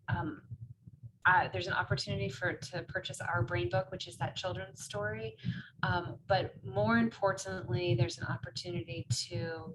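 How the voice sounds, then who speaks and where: A woman with a slightly low voice leads an online workshop, gentle and encouraging, pausing often on fillers. Her voice comes through a video call with clear background noise on the line. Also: little pitch movement. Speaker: workshop facilitator. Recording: noisy video call audio.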